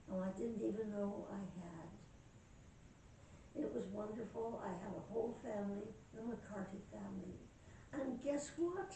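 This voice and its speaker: A woman's voice: medium pitch, gravelly. Older woman, reminiscing storyteller, distant echoey recording with faint noise. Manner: warm reminiscing, emotional, chatty. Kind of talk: personal storytelling to camera.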